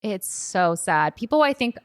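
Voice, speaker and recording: With big pitch swings in a medium-pitched voice, a young adult podcast host talks at a measured pace. She's chatty and rambles, leaning heavily on "like", and a podcast microphone captures her.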